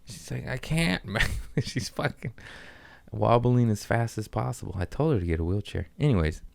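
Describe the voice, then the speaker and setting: Low smooth-voiced man telling stories. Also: expressive, moderate pace, a little mellow, dry recording. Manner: loose storytelling with swearing and playful voices. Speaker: comedian podcast host. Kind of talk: casual chat.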